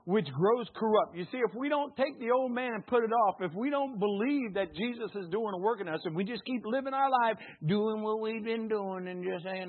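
With hardly any pauses, a male pastor preaches at a moderate pace in a high, animated voice. He repeats phrases to exhort the congregation and prompts them to respond aloud, all captured on a tinny, phone-like recording.

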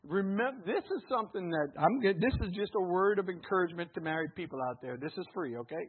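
Man, pastor, high husky voice, call-and-response sermon, tinny phone-like sound. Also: expressive, fast talker, few pauses. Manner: call-and-response preaching, has the congregation repeat words; exhorting, repetitive.

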